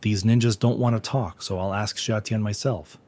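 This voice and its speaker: A man's voice: lowish voice, fairly even intonation, moderate pace, a little mellow. A man voicing an irritated young woman gang boss in a recap story, muttering in exasperation. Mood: puzzled.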